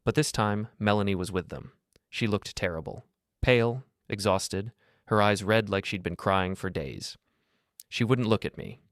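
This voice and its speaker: A man narrating a first-person story in a measured, earnest way. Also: fairly low pitch, dry recording, clean studio sound.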